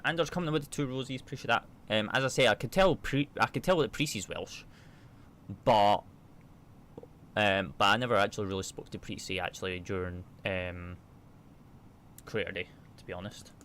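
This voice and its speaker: UK man streaming a flight sim, chatty and relaxed, reads figures aloud, lowish voice. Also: moderate pace. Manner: chatty, reads checklist numbers and answers chat aloud. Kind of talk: casual chat while flying a simulator.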